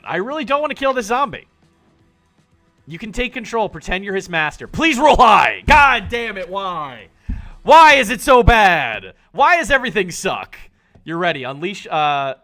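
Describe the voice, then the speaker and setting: A man's voice: sits high, normal speed, soft background music. A man streaming a video game, reading its text aloud in put-on voices and reacting with laughs and swearing. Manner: animated, swears and laughs often.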